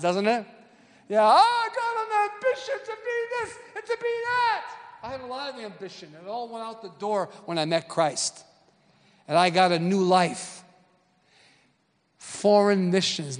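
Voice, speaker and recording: High-voiced older preacher in a reverberant hall. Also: male voice, fairly bright tone. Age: 60s. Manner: storytelling, punchy call-and-response. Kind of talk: sermon.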